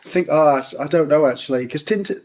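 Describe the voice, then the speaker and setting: A man's voice: on the high side, quick pace. A man co-hosting a podcast quiz in casual chat, playful and laughing often. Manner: playful, laughs often, lively swearing banter. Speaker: podcast co-host.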